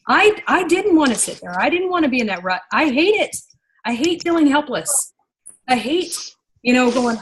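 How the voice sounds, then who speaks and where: A young adult woman leading a business team meeting in a casual, animated, rambling way, getting worked up and talking fast when excited. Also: high-pitched, a little hiss or hum, poor audio. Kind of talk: casual motivational training talk.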